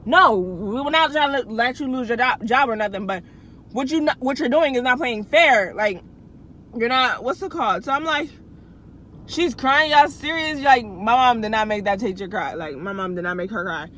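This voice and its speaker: A woman's voice: a little high, animated, moderate pace, a bit bright, slight background noise, low-quality recording. A young adult woman vlogger telling a casual storytime in a chatty, slangy way, with restarts and asides to her viewers.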